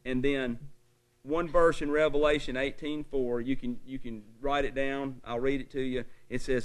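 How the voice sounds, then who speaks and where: A male preacher at a mid-range pitch delivers a sermon to his church. He stresses the verses he reads and checks in with the congregation. Between readings he slows into a conversational teaching voice. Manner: emphatic preaching that turns to a quieter, explanatory lecture tone; asks the congregation for an amen.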